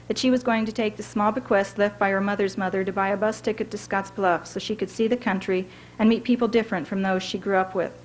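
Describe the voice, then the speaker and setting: A woman author giving a measured public reading of her own fiction at a library event. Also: medium pitch, a little hiss or hum, poor audio.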